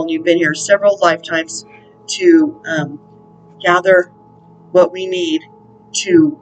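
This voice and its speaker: A spiritual counselor running her own channel rambles casually, using lots of fillers and swearing now and then. Her voice is on the low side, captured in a rough recording.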